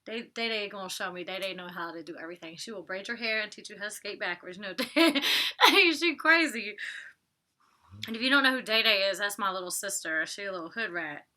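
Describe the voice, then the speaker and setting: Bright chatty young woman vlogger. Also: mid-range voice, fast. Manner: chatty, opinionated, laughs often, many likes and ums. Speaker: vlogger reviewing a reality show. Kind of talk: casual chatty review. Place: home, indoors.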